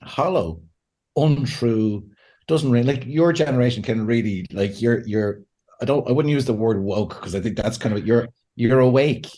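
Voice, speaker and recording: Man, pastor guest, animated, laughs a lot, mid-pitched voice. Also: normal speed. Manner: animated, laughs often, acts out quotes. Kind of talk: conversational podcast interview.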